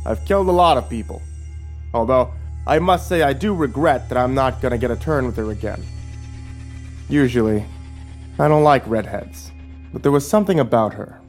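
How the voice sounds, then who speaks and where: A man's voice: mid-range voice, normal speed, pauses often, soft background music, pitched above the performer's own voice, close to an everyday voice. A man voicing a cruel middle-aged male sheriff in a horror story, speaking with a mocking, contemptuous drawl.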